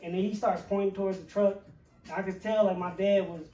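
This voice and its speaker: Casual podcast co-host, male, high-pitched, profane and rambling, with faint music behind. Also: steady tone, brisk, mellow, highs cut off. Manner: rambling with many fillers, profane. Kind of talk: casual storytelling chat. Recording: roomy, distant mic with faint music.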